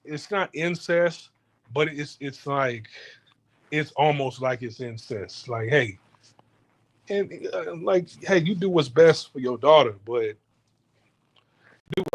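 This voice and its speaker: A man's voice: mid-range voice, unhurried, long pauses, slightly rough. A man ranting in a casual, heated monologue, swearing often and stumbling over repeated words. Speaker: podcast host. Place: home in Houston.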